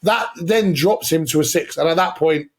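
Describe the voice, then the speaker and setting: Male podcast co-host, slightly raised pitch, opinionated and argumentative, casual chat. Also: normal speed. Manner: opinionated, sweary, lays out arguments step by step.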